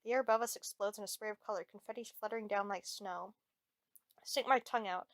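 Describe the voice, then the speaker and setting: A woman gaming streamer reading a dating-sim game aloud, playful and excitable, giggling often, on a close microphone. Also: a little high, quick pace, no room sound.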